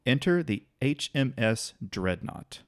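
A man's voice: mid-range voice, slow, dry recording, clean studio sound. A man co-hosting a podcast, casually telling a history story with easy restarts and the odd laugh. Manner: relaxed, occasional restarts, laughs while telling.

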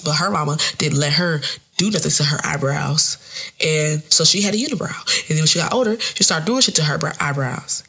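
A woman's voice: sits low, a little fast, fairly bright tone, husky. A woman in her thirties hosting her own podcast. She talks solo in a rambling, joking, profane way. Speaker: podcast host. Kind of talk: casual solo podcast monologue.

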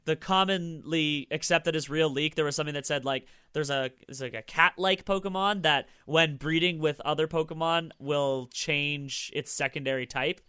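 A man chatting casually about games, quick and enthusiastic, swearing freely. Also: fairly high pitch, pushed and bright, smooth, no room sound, clean studio sound.

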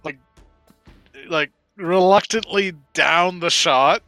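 A man's voice: high-pitched, slow, pushed and bright, faint music behind. A man playing a tabletop game, describing what his character does in the third person. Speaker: player. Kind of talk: casual tabletop play.

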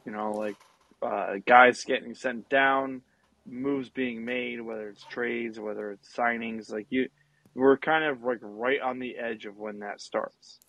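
A man co-hosting a casual sports chat, rambling through restarts and fillers. His voice sits at a middle pitch for a man. The sound is close and dry, with no room around it. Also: steady tone, a little slow, a bit bright, no echo, rough recording. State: has the hiccups. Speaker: podcast co-host.

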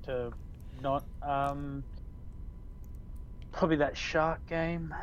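A man's voice: on the high side, steady tone, very slow, lo-fi sound, a little hiss or hum. A man with an Australian accent co-hosting a gaming podcast, talking in a laid-back, meandering way with many fillers. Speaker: podcast co-host. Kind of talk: casual chat.

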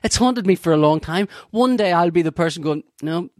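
A man spins a story in loose, conversational chat, swearing freely and often breaking into laughter. His voice sits high and swings widely in pitch. The sound is dry and close to the mic. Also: expressive, fairly quick, dry recording.

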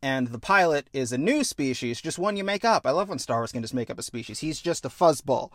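A man on a podcast, pitching a movie idea with lively, acted-out scenes. His voice is mid-pitched and recorded close and dry. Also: dry recording. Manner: animated, acts out scenes in quick voices. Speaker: podcast host. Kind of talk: casual pitch of a story idea.

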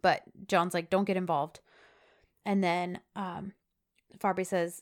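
A woman's voice: medium pitch, unhurried. A woman casually recapping a TV episode, animatedly acting out the characters' lines as she tells the story. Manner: animated storyteller, switches into quoted dialogue. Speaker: podcast co-host recapping a TV episode. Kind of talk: casual chat, retelling scenes with quoted lines.

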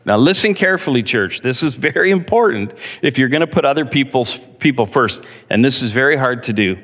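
A male pastor preaching a sermon to his congregation, telling stories in an animated, direct way. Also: mid-range voice, a little fast. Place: church. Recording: long reverb in a large hall.

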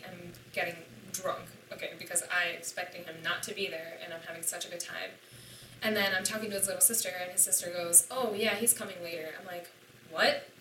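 A low-pitched young woman with a bright, forceful edge tells her story casually and swears freely as she acts out what everyone said. She is recorded from some distance in an echoey room. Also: slight background noise. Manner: candid and profane, acting out quoted dialogue. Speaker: podcast guest.

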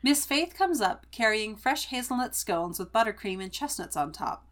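Animated woman podcast co-host. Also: a little high, moderate pace. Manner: animated, laughing, chatty. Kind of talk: casual book-club chat and summary.

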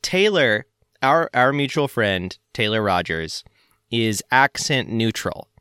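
A man's voice: medium pitch, expressive, slow pace, bright, forceful tone, clean tone, dry recording, clean studio sound. Rambling Southern man hosting a podcast. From northern Florida. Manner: rambling, joking, many fillers. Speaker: podcast host. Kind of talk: casual chat.

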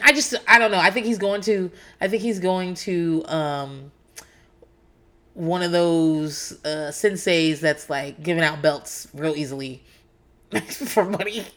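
A woman's voice: deep voice, a little slow, a bit bright. A woman in her thirties or forties recapping reality TV in a candid, profane, rambling way, with frequent fillers. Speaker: podcast host.

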